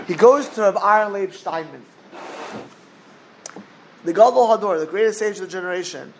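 A man teaching a Torah class, telling a story in a halting way with many repeated words. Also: high voice, lively intonation, vocal fry, a little hiss or hum, low-quality recording.

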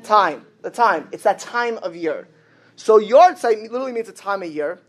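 Male rabbi, animated storyteller; sermon voice that slips into the characters' lines. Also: sits high, moderate pace. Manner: animated storyteller, acts out the dialogue.

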